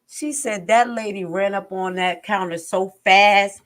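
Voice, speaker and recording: A middle-aged woman, hosting a live stream and talking in a blunt, animated, casual way. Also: medium pitch, unhurried, few pauses. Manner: blunt and animated, acts out other people's lines. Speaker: host of a live commentary stream.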